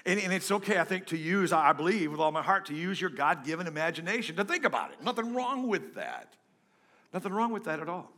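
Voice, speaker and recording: A middle-aged pastor preaching a lively sermon to his congregation, breaking into hymns and joking with the crowd. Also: sits high, a little fast. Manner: animated preaching, sings hymns and jokes with the congregation. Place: church before a congregation.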